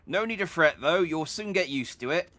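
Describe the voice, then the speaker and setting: A man's voice: on the high side, expressive, moderate pace, pushed and bright, no echo, voice pushed up. A man voicing a chatty, folksy middle-aged merchant in a put-on rustic English accent, reading game dialogue aloud. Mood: friendly. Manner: homely, drawling with dropped letters.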